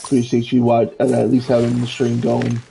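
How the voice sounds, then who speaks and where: A man streaming a video game live, narrating his moves in a relaxed way and chatting to viewers. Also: mid-range voice, moderate pace, gravelly, slight background noise, poor audio. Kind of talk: casual live game commentary.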